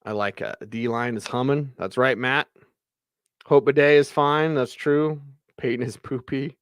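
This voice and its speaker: Male sports radio host, excitable and chatty, smooth clear voice, dry close mic. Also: mid-range voice, no room sound. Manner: excitable, chatty, fast bursts. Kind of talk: live postgame show reading viewer comments.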